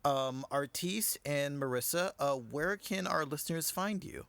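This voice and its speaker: Lively man hosting a podcast. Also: fairly high pitch, unhurried, gravelly, no echo. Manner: appreciative, lively. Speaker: podcast host. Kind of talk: casual interview chat.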